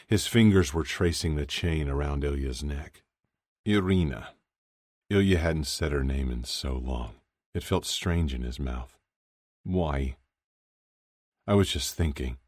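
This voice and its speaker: A man narrating an audiobook in an even, measured reading. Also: rumbling low, dry recording, studio quality. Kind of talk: scripted narration.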